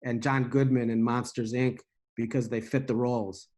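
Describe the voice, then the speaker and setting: A man's voice: medium pitch, level tone, moderate pace, darkish tone. A man co-hosting a casual podcast chat, agreeable and often searching for the right words. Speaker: podcast co-host.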